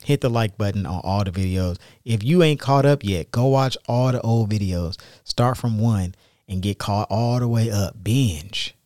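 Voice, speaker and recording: A man co-hosting a podcast with his wife, relaxed and playful as he wraps up the episode. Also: fairly low pitch, no echo, clean studio sound. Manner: laid-back, playful, drawn-out sign-off. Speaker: podcast co-host. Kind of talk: casual podcast chat.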